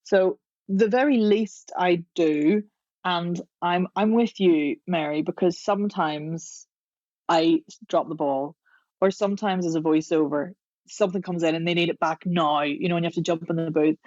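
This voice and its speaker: A woman voice coach, chatting as a podcast guest and explaining vocal exercises in a demonstrative, unhurried way. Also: on the low side, darkish tone, no room sound, lo-fi sound.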